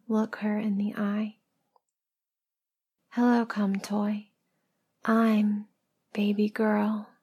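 A woman narrating a first-person story as a whispered role-play, in a slow, hushed storytelling manner. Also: medium pitch, husky. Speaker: erotic audio narrator.

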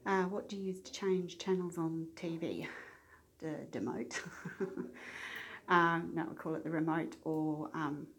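Woman, low-pitched, soft Australian accent with English hints, casual, self-deprecating chat. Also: level tone, measured pace. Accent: Australian, slightly English-tinged. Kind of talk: casual accent-tag questionnaire answers.

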